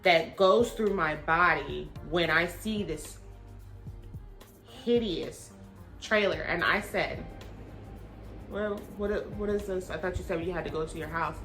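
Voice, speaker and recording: A woman vlogger telling a story to her camera, blunt and animated, with swearing and slang. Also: on the low side, slow, gravelly, long pauses, faint music behind.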